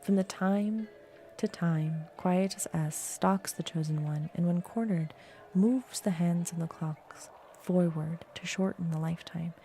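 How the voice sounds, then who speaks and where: A woman reads a story aloud in a slow, hushed voice that often sinks to a whisper. Her tone is low, gravelly and dark. Soft music plays behind her. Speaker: streamer reading a story aloud. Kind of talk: reading a story aloud on a live art stream.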